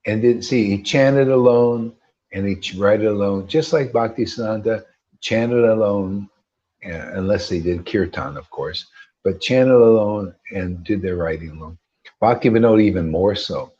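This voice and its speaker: A man's voice: fairly low pitch, normal speed, dark tone. A man giving an informal devotional talk to a group, emphatic and preachy, often restarting and rising into bursts. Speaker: spiritual teacher. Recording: dull lo-fi sound.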